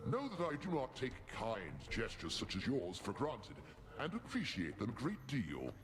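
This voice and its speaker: An actor playing a formal, gracious god character in a video game, speaking in a measured courtly way. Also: male voice, medium pitch, huge pitch swings, over music.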